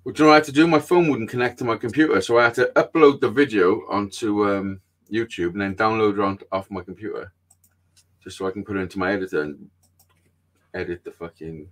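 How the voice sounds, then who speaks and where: A man's voice: on the low side, fast talker, a bit bright. A man hosting a casual livestream chat, rambling and swearing freely. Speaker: livestream host.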